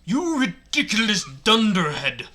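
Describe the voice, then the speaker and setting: A man's voice: high-pitched, wildly swooping pitch, a little slow, pushed and bright, full character voice. A man voicing a sneering, stern male potions professor in a casual comedic reading. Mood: scornful.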